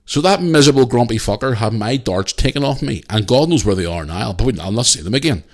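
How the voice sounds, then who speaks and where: A man's voice: mid-range voice, animated, fast talker. A Northern Irish man hosting a casual solo podcast, talking animatedly and swearing freely as he retells his week. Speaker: podcast host.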